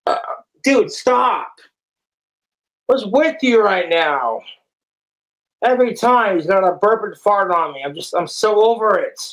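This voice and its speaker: A man's voice: high voice, expressive, a little slow, pauses often, a bit bright. A man doing a crude, profane comic skit, arguing with himself in two quoted voices.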